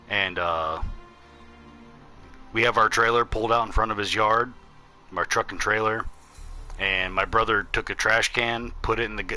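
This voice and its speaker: A man with a low, very bright, sharp-edged voice rambles through a casual story, swearing freely and acting out what each person said. Faint game music plays underneath as he talks. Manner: rambling, profane, with lots of fillers and acted quotes. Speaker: gaming channel host. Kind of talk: casual storytelling while gaming.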